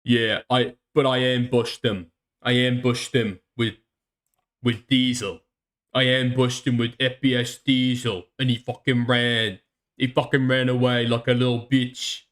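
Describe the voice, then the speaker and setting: A man's voice: mid-range voice, level tone, measured pace, a bit bright, voice pushed down, lightly acted. A man doing a sneering impression of a caller, in a mock New York accent. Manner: sneering, exaggerated bragging. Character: mocking impression of the male caller, boastful.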